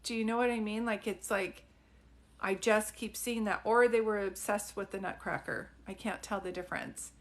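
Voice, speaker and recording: A woman's voice: mid-range voice, fairly even intonation, normal speed. A middle-aged woman, a psychic medium, giving a chatty live-stream reading, full of fillers, questions and laughs.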